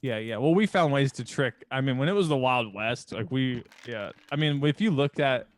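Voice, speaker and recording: Relaxed in casual podcast talk, this male co-host keeps saying "yeah" and tells anecdotes full of quoted dialogue. He speaks at a normal pace in a mid-range voice with animated intonation.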